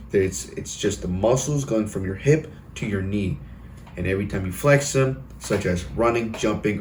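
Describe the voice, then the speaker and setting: A man's voice: on the low side, a little mellow, echoey room, slight background noise. A young man talking casually about his gym routine in a rambling vlog, with many fillers and restarts. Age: young adult. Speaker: fitness vlogger.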